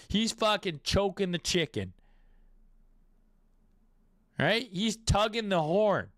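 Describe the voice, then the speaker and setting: A man's voice: high-pitched, a bit bright, no echo, studio quality. A man in his late twenties or thirties giving casual, crude and profane crypto market commentary, riffing off the cuff.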